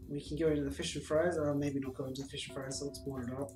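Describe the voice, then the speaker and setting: A woman's voice: very deep voice, steady tone, racing. A woman casually commenting as she plays a game, hesitant and musing, with frequent fillers. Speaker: gameplay streamer. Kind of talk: casual let's-play commentary. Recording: roomy, distant mic with game music.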